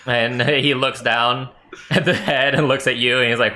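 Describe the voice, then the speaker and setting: A man serving as game master, narrating a tabletop game in a relaxed, chuckling way with many fillers. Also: medium pitch, normal speed.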